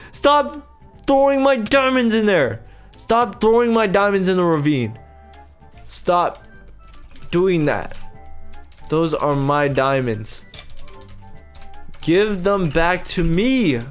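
A young man giving excited gameplay commentary as a YouTuber, talking to his viewers in exasperated, loud outbursts. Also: high-pitched, slow pace, long pauses, clear, resonant tone, soft background music. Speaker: YouTuber playing a video game.

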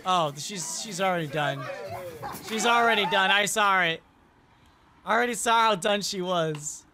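A reaction video host giving casual commentary on fail clips, animated and exclaiming, voicing what the people and animals in the clips might be thinking. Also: mid-range voice, measured pace, slight background noise.

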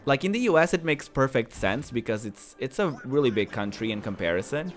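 A man's voice: medium pitch, big pitch swings, brisk. A man from northern Portugal, chatting casually and rambling while he streams a game, often repeating his words. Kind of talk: casual chat while gaming.

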